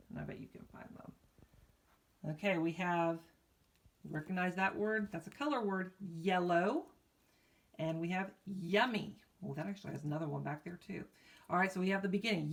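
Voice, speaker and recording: A woman's voice: mid-range voice, fairly bright tone. Upbeat woman teaching young kids phonics. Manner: upbeat, coaxing teacher talk with questions to the kids. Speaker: elementary teacher. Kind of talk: recorded phonics lesson for young children. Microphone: phone.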